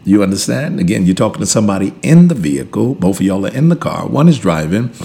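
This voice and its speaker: Animated, gravelly-voiced man pastor. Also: lowish voice, quick pace. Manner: repeats words, restarts often, chuckles between points; emphatic, preacherly build-ups. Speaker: pastor and podcast host. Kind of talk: conversational podcast teaching.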